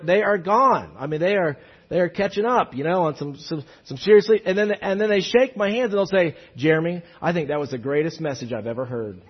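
High-voiced husky male preacher. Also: dull audio. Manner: animated storytelling with many restarts, shifting between loud and hushed. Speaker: pastor. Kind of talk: sermon.

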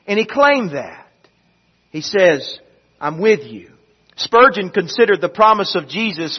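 Husky preacher guy, highish voice, dull lo-fi sound, gets loud then goes quiet. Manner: preaching with call-and-response reading. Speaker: pastor. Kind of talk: sermon.

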